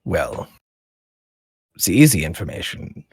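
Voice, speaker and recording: A man's voice: low-pitched, sing-song, slow pace, a little mellow, husky, dry recording. A man narrating a tabletop game as game master, casual, with fillers.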